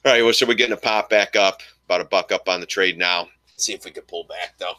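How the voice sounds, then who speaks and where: A man's voice: low voice, quick pace, sharp tone, dry recording. A man giving casual live commentary on his stock trades, rambling and thinking aloud as he talks to his viewers. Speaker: stock trading streamer.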